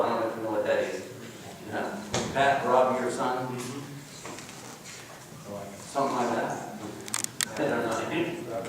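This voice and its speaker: A man's voice: mid-range voice, a little hiss or hum. A man telling a story to an audience, folksy and joking, speaking as a preacher. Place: lecture hall. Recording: very echoey hall from far off.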